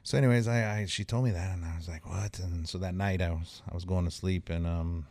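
A man in his forties, a guest on a podcast, telling stories in a rambling, halting way with many fillers and restarts. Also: low voice, fairly even intonation, darkish tone, dry recording. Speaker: podcast guest, tattoo artist. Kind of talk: casual storytelling chat.

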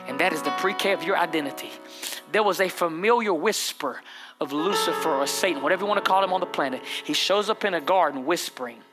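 A man's voice: fairly high pitch, fast. A man who is a pastor, delivering an impassioned sermon in a church with repeated, rising phrases. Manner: impassioned, repetitive and rising preaching. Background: music.

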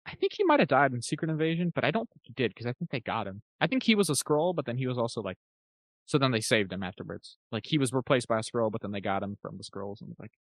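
A man co-hosting a podcast in casual comedic chat, animated and jokey, breaking into quick voices. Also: medium pitch, dry recording. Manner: fast, animated, jokey, does quick impressions. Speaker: podcast co-host.

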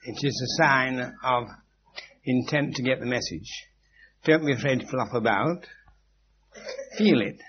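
A man of middle pitch gives an informal spiritual lecture to a group in a meeting room. His delivery is emphatic and instructive, with dry witty asides. The old tape sounds dull and carries a faint steady hum. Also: measured pace, long pauses. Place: meeting room with a live audience.

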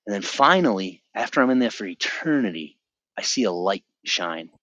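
A middle-aged man sharing his personal religious testimony on a podcast, earnest and vivid, often halting and restarting his sentences. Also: lowish voice, big pitch swings, a bit bright, dry recording, dull audio.

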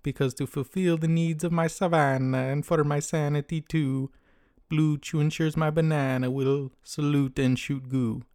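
A man's voice: steady tone, normal speed, darkish tone, no room sound, studio quality, lightly acted. A man doing a put-on Italian accent as a boastful man selling a pill in a comic rhyming ad. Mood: hammy boastful. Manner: hammy mock-seductive sales pitch.

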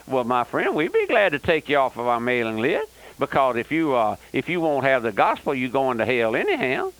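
A man's voice: on the high side, huge pitch swings, moderate pace, fairly bright tone, poor audio. An older man preaching a fiery, emphatic radio sermon and repeating "that's right.". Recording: old radio broadcast.

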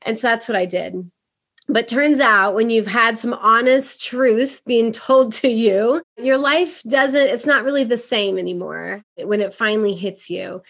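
A middle-aged woman from Puerto Rico talks as a podcast guest, with a fairly high voice. She tells her story in a casual, animated way and acts out the voices of the people she quotes. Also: unhurried, creaky.

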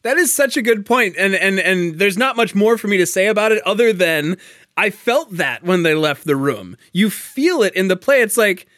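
A man with a notably high voice co-hosts a podcast, talking casually and eagerly about a play. He laughs often and trips over quick restarts. The recording is dry, with no room sound. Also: lively intonation, a bit bright, no echo. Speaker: podcast co-host discussing a play. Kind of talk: casual analytical chat.

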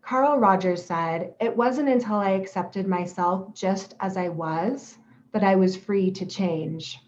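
A woman speaking in a gentle, reflective and steady way, giving a calm self-help talk about self-compassion. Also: mid-range voice, slow, a little hiss or hum. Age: adult parent. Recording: slightly dull lo-fi audio.

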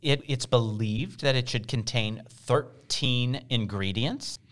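A woman's voice: extremely low pitch, slow pace. A woman co-hosting a casual chat, who laughs easily and reads out a list with asides. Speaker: podcast host.

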